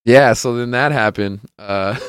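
A man hosts his own podcast in a casual storytelling monologue. His voice is smooth and resonant and sits at an ordinary middle pitch. The sound is dry and close, and he rambles, swears and laughs while acting out the quotes. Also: slow, no room sound. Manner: rambling, profane, laughs often, acts out quotes. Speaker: podcast host.

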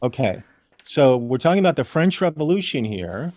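A comedian guest, a man with a wry, deadpan delivery and a lively, swinging pitch. He talks through his answers in dry, close studio sound. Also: normal speed, no echo. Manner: wry, deadpan, thinks aloud. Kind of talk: casual game banter.

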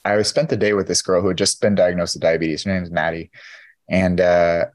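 A man's voice: low voice, little pitch movement, fairly quick. A man, a podcast guest and keynote speaker, candidly telling his personal story in an interview, earnest and full of "you know".

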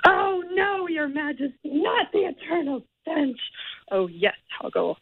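A woman's voice: sits high, very animated, a little slow, phone-quality sound, heavily acted. A woman calling in to a radio show and performing a string of dramatic movie character voices. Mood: theatrical. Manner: switches between dramatic character voices, bursts of laughter. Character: theatrical movie villain and frightened side characters, any sex. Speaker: caller. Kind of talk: acted movie character impressions.

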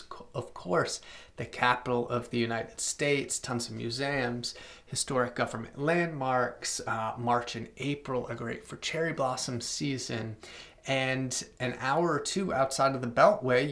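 A young man hosts a casual travel podcast, his mid-pitched voice carrying a gravelly edge. He rambles through recommendations with plenty of "uh"s, jokey asides and shameless plugs for his own site. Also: fairly bright tone. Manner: chatty, filler-heavy, with self-aware plugs and asides. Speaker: podcast host.

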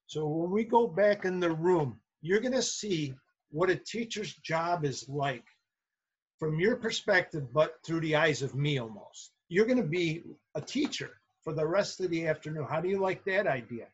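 Middle-aged male teacher, earnest storyteller, husky and higher-pitched. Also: animated, moderate pace, lo-fi sound. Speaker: substitute teacher and guest. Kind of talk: casual storytelling interview.

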